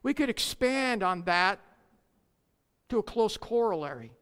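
A preacher delivering a sermon, emphatic, swinging between loud declamation and quiet asides, with sarcastic jabs and rhetorical questions. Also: mid-range voice, lively intonation, unhurried, long pauses, in a large hall.

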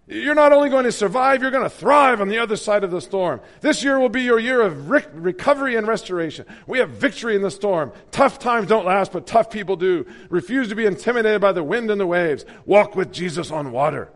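This is a fiery prosperity preacher, as a man does him, loud and high-pitched. He hammers every phrase in an emphatic, shouted proclamation. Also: animated, brisk, few pauses.

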